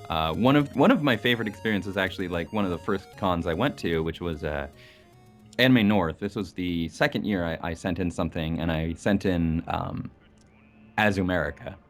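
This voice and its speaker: A man with a lowish voice talks loosely in an interview, circling back with fillers and restarts as he rambles. Faint music plays under his voice throughout. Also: moderate pace. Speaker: interviewee, video editor. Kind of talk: casual interview chat.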